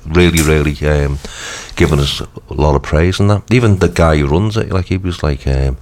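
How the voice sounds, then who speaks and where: A man with a croaky voice, hosting a radio show and chatting casually, rambling with lots of ums and restarts. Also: extremely low pitch, moderate pace, a little mellow. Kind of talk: casual chat.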